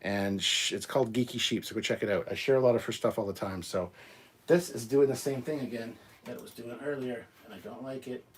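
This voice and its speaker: A man's voice: medium pitch, a little fast, slightly rough. A man hosting his own channel, chatting casually in a rambling, jokey way with many fillers. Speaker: channel host. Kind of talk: casual livestream chat.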